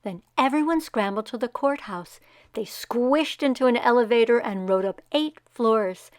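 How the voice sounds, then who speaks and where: A woman reading a children's picture book aloud, giving the characters voices and pausing to ask young listeners what will happen next. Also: on the high side, dry recording, clean studio sound.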